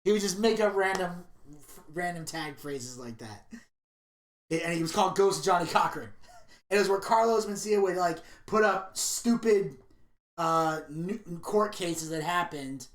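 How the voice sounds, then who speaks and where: A woman's voice: lowish voice, unhurried. Profane woman telling rambling stories. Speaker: podcast co-host. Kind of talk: casual podcast chat. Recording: roomy echo.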